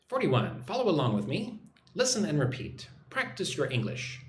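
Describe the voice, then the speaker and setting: Man teaching live, lively pitch. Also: slow pace, long pauses, reverberant, slight background noise. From United States. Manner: repeats "right?" after phrases, reads chat messages aloud. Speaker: online English teacher. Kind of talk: live-stream English lesson. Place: room in Vietnam.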